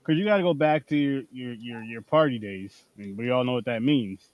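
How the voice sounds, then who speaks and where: A man's voice: medium pitch, lively intonation, normal speed, no echo, muffled recording. Emphatic man on a dry mic. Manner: emphatic, joking, profane. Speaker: podcast co-host. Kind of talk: casual movie review chat.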